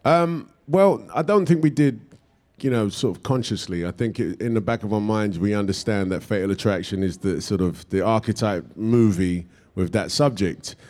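A low-pitched British man in middle age answers questions from an audience. He talks in a loose, rambling way, full of restarts and fillers. He sounds easygoing and unhurried. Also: darkish tone. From England. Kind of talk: casual Q&A answers.

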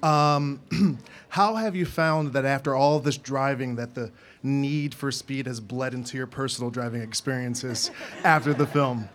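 A man's voice: medium pitch, steady tone, measured pace, fairly bright tone, slight background noise. A man asking a question from the audience, nervous and stumbling. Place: audience at a panel.

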